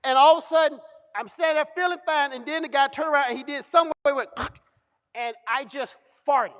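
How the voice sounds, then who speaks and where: Animated high-voiced male storyteller. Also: moderate pace. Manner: animated, acts out dialogue. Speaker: comedian. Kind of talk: comedic storytelling. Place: event stage.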